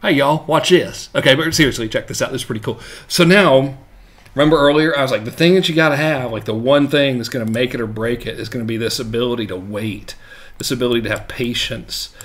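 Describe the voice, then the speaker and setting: A man's voice: medium pitch, fairly bright tone. Jokey, loose-talking man teaching marketing. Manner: loose and jokey, full of fillers and check-ins. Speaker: marketing coach. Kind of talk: casual live-streamed teaching.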